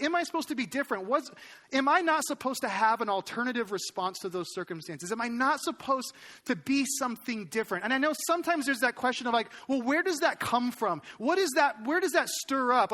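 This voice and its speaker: High, bright-voiced pastor telling a story. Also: male voice. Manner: animated, acts out quoted lines. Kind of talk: storytelling sermon.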